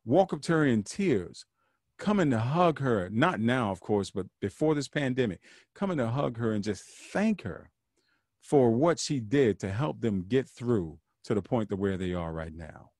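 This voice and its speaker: A man's voice: medium pitch, expressive, a little slow, a little mellow, no room sound, studio quality. A man hosting a podcast, talking alone with an earnest, preachy manner and repeating phrases for emphasis. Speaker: podcast host. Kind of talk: solo podcast monologue.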